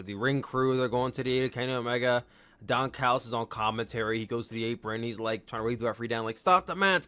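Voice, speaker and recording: A man hosting a podcast, recapping in a casual, excitable, rambling way and acting out quotes. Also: medium pitch. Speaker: podcast host.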